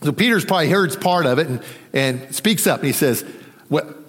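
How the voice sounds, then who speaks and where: A man delivers a conversational sermon, his pitch ranging widely and sitting a little high. He slips into the voices of the people in the story as he talks. The sound carries the long reverb of a church hall. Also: a little fast. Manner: animated, acts out quoted voices, conversational. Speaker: pastor.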